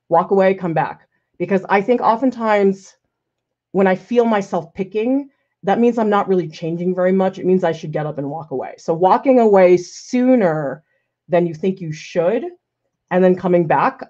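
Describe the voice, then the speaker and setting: Woman art professor, casual live demo host; low-ish voice, self-deprecating and chatty, slightly muffled recording. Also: dark tone. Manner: casual, self-critical thinking aloud, laughs often. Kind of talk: live painting demonstration with chat questions. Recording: slightly dull lo-fi sound.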